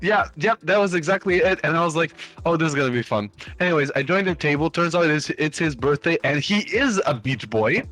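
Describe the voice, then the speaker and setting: A man's voice: on the high side, expressive, fairly quick, hardly any pauses, a bit bright, soft background music. Rambling man telling a story. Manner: rambling anecdote with many fillers and restarts; swears casually. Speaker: stream host. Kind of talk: casual storytelling on a live stream.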